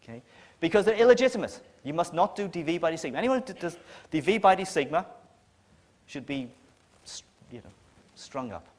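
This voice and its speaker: A northern English man lectures an audience as a conference speaker, his voice on the high side, sing-song and brisk. He comes across blunt, emphatic and a bit sardonic, with the long reverb of a lecture hall around him.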